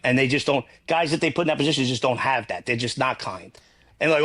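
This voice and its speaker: A man's voice: medium pitch, expressive, fast, fairly bright tone. A man, a guest in a casual interview, talking bluntly in long, rambling runs and swearing freely. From New York.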